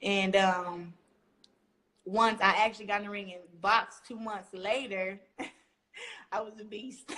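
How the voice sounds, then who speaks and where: A young woman from Flint, Michigan, talking casually as an interview guest, animated and acting out quotes as she tells stories. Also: mid-range voice, takes it slowly, long pauses. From Flint, Michigan, USA. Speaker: guest boxer.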